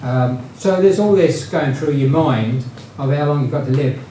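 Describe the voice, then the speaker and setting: A man's voice: medium pitch, moderate pace, dark tone. A man, telling business stories casually, rambling with many fillers and restarts. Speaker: retired business founder. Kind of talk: casual anecdotal storytelling. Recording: very echoey room, distant mic, faint noise.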